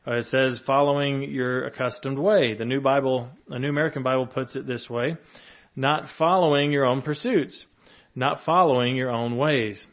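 A man's voice: mid-range voice, fairly even intonation, normal speed, muffled recording. Man preaching a conversational sermon. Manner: conversational preaching, with chuckles and fillers. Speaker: pastor.

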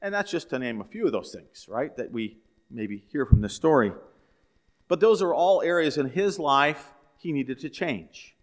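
A man's voice: fairly high pitch, animated, moderate pace. A man pastor giving a sermon in a conversational storytelling way, asking the listeners questions. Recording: echoey hall.

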